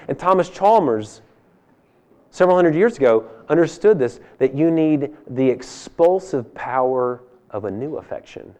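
A male pastor preaching a sermon with emphatic, swinging delivery, from loud urging to hushed asides. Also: fairly high pitch, expressive, moderate pace, a little hiss or hum.

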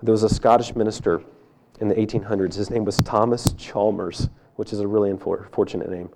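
A male pastor preaching a sermon with emphatic, swinging delivery, from loud urging to hushed asides. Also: fairly low pitch, steady tone, quick pace, background noise.

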